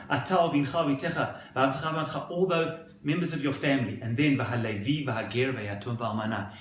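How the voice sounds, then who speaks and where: A male rabbi giving a sermon, telling a story in an expressive, dramatic way. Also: medium pitch, echoey room, slight background noise.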